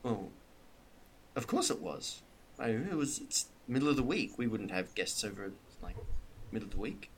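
A man's voice: lowish voice, expressive, moderate pace, slightly rough. A man voicing a flustered woman questioned by police, drifting between Southern and New York American accents. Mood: defensive. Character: flustered woman in her apartment.

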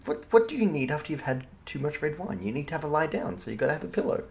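A man, the game master, narrating a tabletop game in a relaxed, rambling way with lots of fillers. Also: a little high, rapid-fire.

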